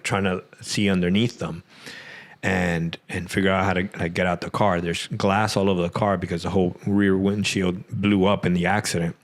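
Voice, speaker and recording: Deep-voiced man telling a story casually. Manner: rambling, many "like" fillers, acts out quotes. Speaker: podcast guest.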